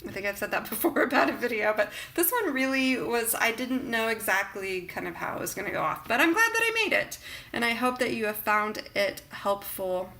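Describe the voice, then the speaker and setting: A woman talking earnestly and reflectively in a personal vlog, with many pauses and fillers. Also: mid-range voice, bright, forceful tone. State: emotional near the end. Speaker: vlogger.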